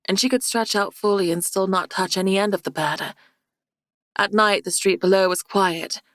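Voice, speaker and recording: A woman narrating a fantasy audiobook in a steady, measured reading style. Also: on the low side, no echo, clean studio sound. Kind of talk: scripted narration.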